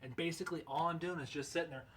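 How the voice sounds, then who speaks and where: A man's voice: fairly high pitch, steady tone, very fast, heavy background noise. A man in a casual instructional video, explaining goose calling in a loose, folksy, conversational way.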